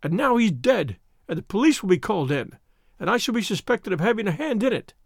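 A man voicing a terrified little man who pleads in a high, querulous voice. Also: sing-song, fairly quick, creaky, no room sound, studio quality, heavily acted. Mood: panicked. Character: frantic fearful little man, shrill and pleading.

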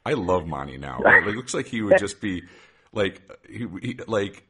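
Low husky podcast host, chatty. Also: male voice, sing-song, normal speed, bright, forceful tone. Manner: enthusiastic, rambling, says "like" and "right?" often. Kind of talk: casual chat.

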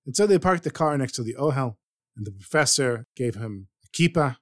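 A man's voice: mid-range voice, a little fast, dry recording. A dry-sounding male storyteller. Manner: earnest, expressive storytelling. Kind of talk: narrated story.

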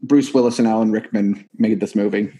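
A man's voice: lowish voice, steady tone, brisk, warm tone, low-quality recording. A man co-hosting a casual podcast about a movie, enthusiastic and acting out favorite quotes. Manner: enthusiastic, acts out film quotes. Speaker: podcast co-host.

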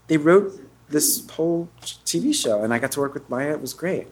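A man's voice: fairly high pitch, expressive, normal speed. A man chatting casually on a talk show as a comedian guest, rambling and cutting himself off, breaking into laughter. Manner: rambling, self-interrupting, with bursts of put-on voices and laughter.

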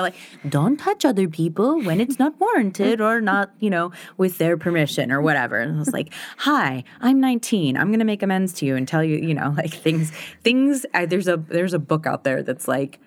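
A woman's voice: low-pitched, animated, fairly quick, dry recording, studio quality. A woman in her thirties co-hosting a podcast, talking candidly in a chatty way with frequent laughs and many fillers. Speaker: podcast co-host. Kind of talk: casual conversation.

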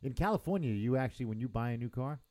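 A man's voice: mid-range voice, very fast. A man co-hosting a casual podcast, telling stories with plenty of acted-out quotes. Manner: animated storyteller acting out quotes. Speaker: podcast co-host. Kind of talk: casual chat.

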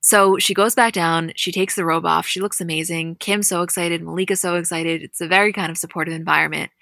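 A young woman chatting through a reality-show recap, her voice bright and a touch low, close and dry with no room sound. She tells the story in a lively, animated way, slipping into quick quoted asides. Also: vocal fry, no room sound. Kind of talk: casual chat recap.

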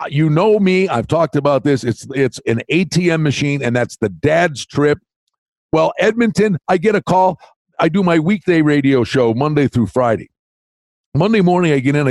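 Canadian male betting podcast host, high and lively, dry close mic. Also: dry recording. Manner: animated storyteller, acts out voices in anecdotes. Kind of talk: casual sports betting chat.

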